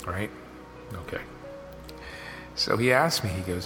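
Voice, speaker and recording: Man with a low voice, echoey podcast. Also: takes it slowly, pauses often. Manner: animated, acts out quoted dialogue. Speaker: podcast host. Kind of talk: casual storytelling monologue. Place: home office studio. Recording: long reverb with music behind.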